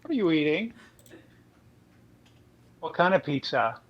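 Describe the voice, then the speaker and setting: A man chatting casually with co-hosts during a live comedy stream, loose and relaxed. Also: fairly high pitch, a little slow. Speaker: co-host. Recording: dull lo-fi mic sound.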